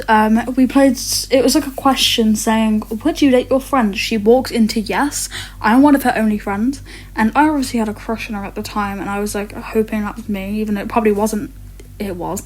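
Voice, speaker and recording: A teenager telling stories in a rambling rant, swearing often and stumbling over many fillers and restarts. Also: medium pitch. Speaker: vlogger. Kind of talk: ranting storytime.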